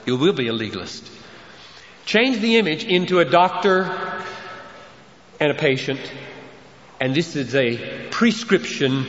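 A man's voice: on the high side, fairly bright tone. A man preaching a sermon as pastor, building to emphatic, raised bursts of conviction. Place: large church sanctuary. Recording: dull echoey church recording, faint hiss.

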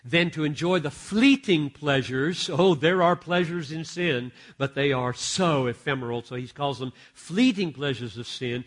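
A man's voice: fairly high pitch, expressive, a little slow, few pauses. Emphatic male preacher with big dynamic swings. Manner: dynamic, swings from hushed asides to loud emphatic exclamations. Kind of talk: sermon.

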